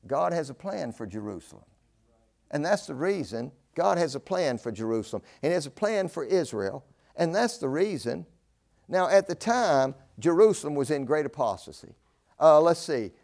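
An older man preaching a fervent sermon, swinging between loud declaring and low, slow emphasis. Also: big pitch swings, vocal fry.

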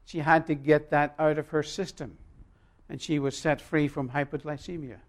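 A male pastor preaching a sermon, emphatic and swinging between loud and quiet, telling stories with long pauses. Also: a little high, steady tone.

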